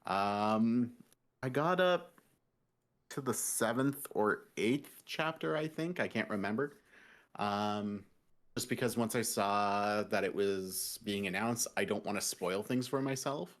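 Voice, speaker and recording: Low-voiced man animatedly recapping a story. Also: takes it slowly. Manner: animated storyteller who recaps scenes and mimics characters. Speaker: podcast co-host. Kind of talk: casual chat. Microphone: voice call.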